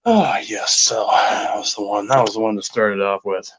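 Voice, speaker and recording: A man's voice: on the low side, moderate pace. A man hosting a casual livestream, greeting viewers and musing aloud in a rambling way full of fillers. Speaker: host.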